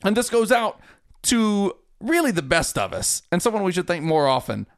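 Playful high-voiced male podcast host. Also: very animated, moderate pace. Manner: playful, reads listener requests with teasing. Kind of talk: casual comedy podcast chat.

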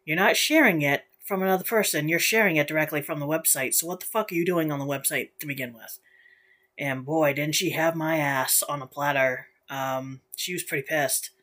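Talking fairly quickly in a low, fairly bright voice, a young woman hosts a casual solo podcast. Her rant is blunt and laced with swearing, and she laughs a lot along the way.

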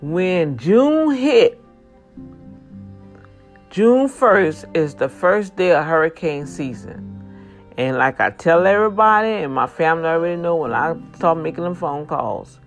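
A woman from Louisiana with a low voice talks straight to her viewers in an earnest, preachy way. She warns them plainly and directly. Faint music plays behind her. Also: lively intonation, unhurried. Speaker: vlogger. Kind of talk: casual talk to viewers.

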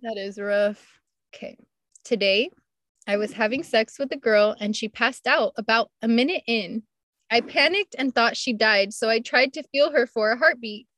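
A woman's voice: fairly high pitch, normal speed, no echo. Giggly young woman podcaster, dry close sound. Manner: giggly, excitable, swears casually. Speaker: podcast co-host. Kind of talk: casual chat, reading stories aloud.

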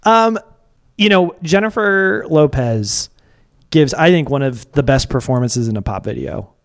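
A man co-hosting a casual chat that counts down music videos, playful and quick to laugh. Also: on the high side. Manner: playful, animated, laughs often. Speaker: co-host.

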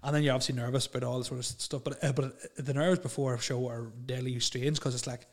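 A man telling a rambling, animated story in casual chat, laughing and swearing as he goes. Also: mid-range voice, fast talker. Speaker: podcast guest telling stories.

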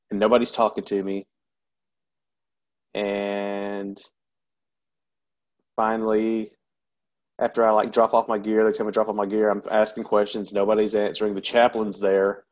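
In an interview, a former serviceman tells a hard personal story, stopping frequently and restarting as he goes, though he stays candid. The voice is lowish with a slightly mellow quality.

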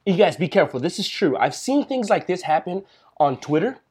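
A man's voice: sits high, big pitch swings, brisk, a little mellow, husky. A young man co-hosting a casual podcast, telling stories loosely and swearing freely. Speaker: podcast co-host.

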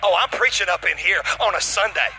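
High, bright-voiced preaching pastor. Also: male voice, fairly quick, a little hiss or hum, low-quality recording. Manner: energetic, dramatic, acts out stories. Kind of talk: sermon. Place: church.

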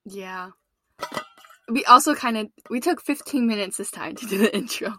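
A woman's voice: mid-range voice, normal speed, fairly bright tone, a little hiss or hum. A young adult woman co-hosting a podcast, chatting casually with short, giggly replies. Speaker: podcast co-host. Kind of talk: casual chat.

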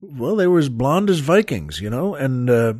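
Halting comedian telling a rambling story. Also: male voice, medium pitch, very animated, a little mellow, no echo, studio quality. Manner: halting, full of fillers and restarts, chuckling asides. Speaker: comedian host. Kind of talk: rambling comic storytelling monologue.

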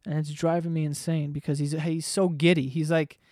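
Male vlogger, 20s, slightly high voice, profane rambling rant. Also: little pitch movement, brisk, darkish tone, no echo, clean studio sound. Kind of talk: casual rant to camera. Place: home room below living room.

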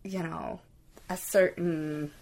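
A woman's voice: deep voice, fairly even intonation, slow pace, creaky, a little mellow. A woman co-hosting a casual chat, teasing her co-host and laughing often. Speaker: podcast co-host.

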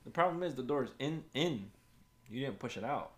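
A young man with a mid-range voice chatting with friends in a relaxed, teasing way. He asks follow-up questions and laughs along with the others. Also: medium pitch, normal speed, slight background noise. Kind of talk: casual podcast banter.

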